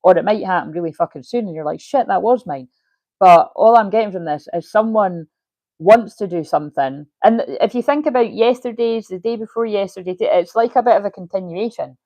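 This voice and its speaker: A woman's voice: medium pitch, a little fast, warm tone, no echo, rough recording. A woman giving a casual livestream tarot reading, chatty, swearing freely and laughing often. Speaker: tarot reader.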